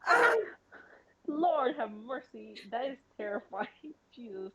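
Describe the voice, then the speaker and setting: Woman player joking around, stammers, fairly high voice, muffled mic w crowd noise. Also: animated, measured pace. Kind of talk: casual tabletop game chat.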